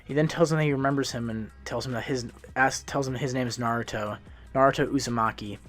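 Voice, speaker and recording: A man's voice: mid-range voice, fairly even intonation, a little fast, fairly bright tone, faint music behind. A man casually narrating a fan-made story, retelling it loosely with frequent restarts and self-corrections.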